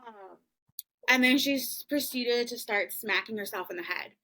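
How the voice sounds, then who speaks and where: A woman with a bright, forceful voice sitting slightly high, recounting a story to a co-host. Her talk is loose and conversational, filled with "like" and "um" as she works through the details. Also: normal speed, low-quality recording. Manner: chatty, full of "um" and "like", retelling an emotional family story. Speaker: podcast host. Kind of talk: casual storytelling chat.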